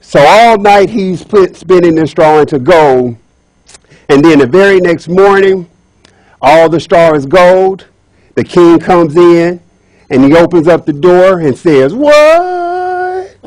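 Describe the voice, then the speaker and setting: A man telling a folk tale to a club audience, chatty and lively with asides to the crowd. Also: fairly high pitch, a little slow, no room sound, rough recording. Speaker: speaker at a speaking club. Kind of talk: storytelling speech.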